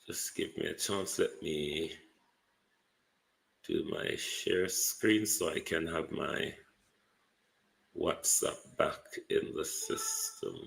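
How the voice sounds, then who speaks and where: A man's voice: extremely low pitch, slow, creaky, pauses often, a bit bright. A Jamaican man hosting a live online show, muttering and exclaiming to viewers while fighting with his computer. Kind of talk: casual live commentary.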